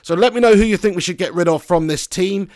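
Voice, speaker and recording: A man's voice: high voice, fast talker, a little mellow. A man with a Southern English accent streaming a football game, chatting and joking with his viewers. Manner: chatty, jokey banter with viewers. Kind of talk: live stream commentary and chat shout-outs.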